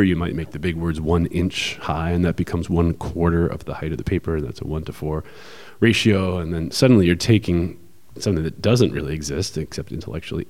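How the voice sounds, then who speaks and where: Very deep-voiced man explaining ideas. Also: darkish tone. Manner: explanatory, thoughtful, with many fillers. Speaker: podcast co-host. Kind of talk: casual discussion.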